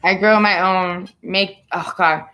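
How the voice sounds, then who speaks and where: A woman's voice: fairly low pitch, steady tone, takes it slowly, sharp tone. A woman from Florida hosting a casual chat, talking bluntly and swearing a lot. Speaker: host.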